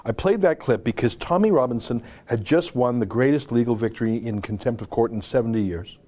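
A man hosting his own show, delivering a combative, emphatic monologue full of quick asides. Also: mid-range voice, warm tone. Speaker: show host. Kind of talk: opinionated monologue to camera.

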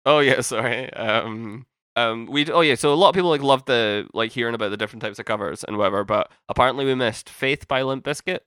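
A man's voice: medium pitch, brisk, hardly any pauses, a bit bright, clear, resonant tone, dry recording, clean studio sound. A young man co-hosting a casual podcast chat, rambling and cutting himself off mid-sentence, swearing casually now and then. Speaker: podcast co-host.

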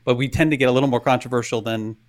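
A man co-hosting a podcast, telling a story in casual chat and acting out quotes with hushed asides. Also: medium pitch, fairly even intonation, rapid-fire. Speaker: podcast co-host.

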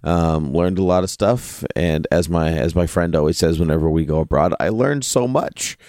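Deep-voiced jet-lagged podcast man. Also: normal speed, a little mellow, no room sound, studio quality. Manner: playful, joking, rambling. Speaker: podcast co-host. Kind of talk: casual podcast chat.

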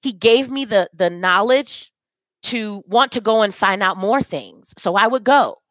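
A woman's voice: mid-range voice, measured pace, a bit bright, dry recording. A woman guest talking on a video call, emphatic and profane, often restarting her sentences. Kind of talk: casual conversation.

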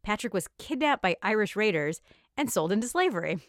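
A woman's voice: mid-range voice, sing-song, a little fast, dry recording, clean studio sound. A woman hosting a history podcast, upbeat and chatty as she tells researched stories and laughs easily. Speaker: podcast host. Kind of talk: casual podcast chat, reading researched history.

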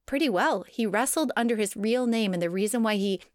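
A woman's voice: fairly high pitch, a little fast, dry recording. Chatty woman telling a story, dry sound. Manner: storytelling, laughing, lively digressions. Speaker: podcast co-host telling a sumo history. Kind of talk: casual chat.

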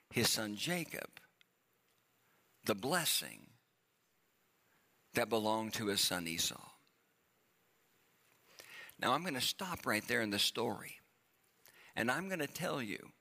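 A male pastor giving a sermon in a church, reading scripture dramatically and slowing down for emphasis. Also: mid-range voice, bright, forceful tone. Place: church sanctuary. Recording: long hall reverb.

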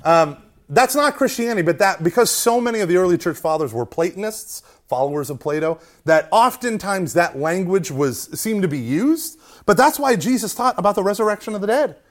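A man's voice: high voice, a little fast. A man teaching an informal Catholic Bible class, joking often and checking in with "right?" after his points. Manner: animated, joking, keeps asking "right?". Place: hot meeting room with a live class.

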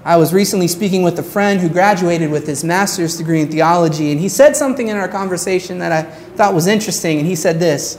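A woman's voice: lowish voice, darkish tone, a little hiss or hum. Earnest woman preaching a sermon. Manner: earnest preaching, slows down on key phrases. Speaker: pastor.

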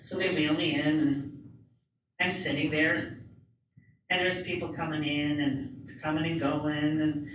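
A woman's voice: low voice, level tone, a little slow, pauses often, muffled recording, a little hiss or hum. A woman interpreter voicing a first-person personal story in a plain, conversational way, with small restarts. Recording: very echoey room, distant mic, faint ambience.

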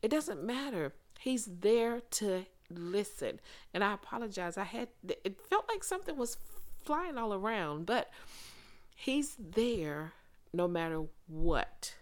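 A woman hosting a faith-based podcast, speaking to listeners in an earnest, conversational way with pauses and restarts. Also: medium pitch, animated. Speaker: podcast host.

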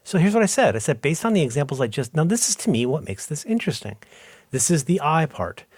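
A man co-hosting a podcast in casual chat, telling stories with quick asides and animated energy. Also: fairly high pitch, husky, no echo, studio quality. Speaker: podcast co-host.

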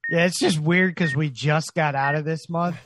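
A man's voice: on the high side, steady tone, normal speed, noisy background. A man co-hosting a podcast in casual chat, upbeat and hyped, joking with his friends. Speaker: podcast co-host.

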